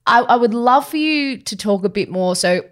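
A woman's voice: fairly high pitch, expressive, normal speed, a bit bright. A woman with an Australian accent co-hosting a podcast, asking questions in an encouraging, conversational way. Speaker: podcast co-host. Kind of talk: conversational interview.

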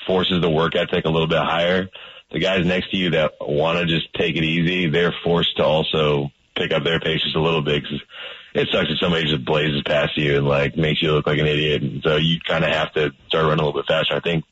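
Man, very deep voice, flat delivery, halting modest guest, dry lo-fi radio. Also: husky, no room sound. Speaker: football player guest. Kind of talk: casual interview talk. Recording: dull lo-fi radio sound.

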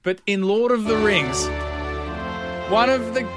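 A high-pitched man co-hosting a radio show with animated, self-mocking storytelling. He laughs often as he talks, and soft music plays behind him. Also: slow pace. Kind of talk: casual radio banter.

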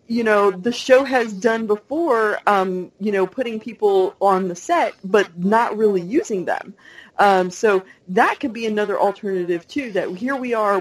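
A woman's voice: mid-range voice, low-quality recording. Hesitant rambling woman co-host. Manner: rambling, hesitant with many ums. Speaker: podcast co-host. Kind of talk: casual fan podcast chat.

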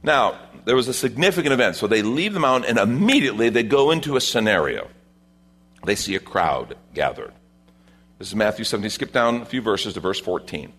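A man with a low, husky voice delivers a sermon as pastor. He keeps it conversational, stepping aside to talk straight to the congregation between readings. His tone stays rough and lower than most men's. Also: very animated, brisk, fairly bright tone.

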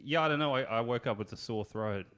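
An Australian man co-hosting a podcast, tossing off quick jokes in casual chat. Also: medium pitch, fairly bright tone. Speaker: podcast co-host.

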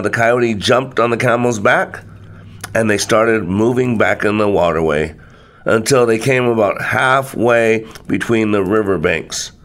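A man narrating a folktale in an animated, dramatic storytelling manner. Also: lowish voice.

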